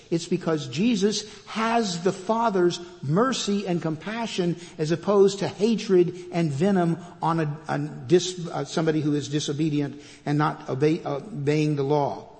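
A man preaching a sermon as pastor, reading scripture loudly and dropping to quiet asides. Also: a little high, a little slow, few pauses, in a large hall.

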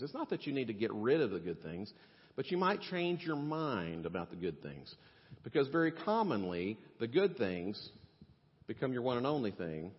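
A man preaching a sermon, animated, acting out the voices of the people he quotes. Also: medium pitch, normal speed. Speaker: pastor. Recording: dull sound with long hall reverb.

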